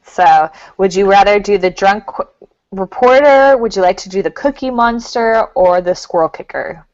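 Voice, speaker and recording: A woman's voice: medium pitch, animated, moderate pace, a little mellow, dry recording. A woman co-hosting a casual talk show as the psychic, chatty and giggly. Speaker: co-host, psychic. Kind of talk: casual chat. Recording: dull lo-fi sound.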